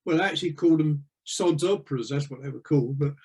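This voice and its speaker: Older guy, retired navy man, rambling stories, bit high voice. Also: fast talker, a little mellow. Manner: rambling, chuckling anecdotes with many fillers. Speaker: interview guest. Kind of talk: casual storytelling.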